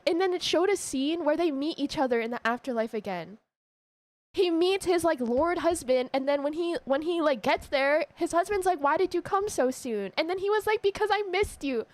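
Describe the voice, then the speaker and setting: A woman with a high, bright voice retells a story to her stream audience in a casual, emotional way. She talks with lots of feeling and laughs often. The sound is dry and close. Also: no room sound.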